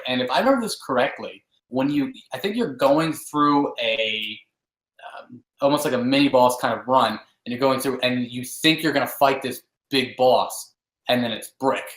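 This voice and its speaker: A man co-hosting a casual gaming podcast, talking in a relaxed, hesitant way with many fillers. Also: medium pitch, moderate pace, roomy sound, poor audio. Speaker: podcast co-host.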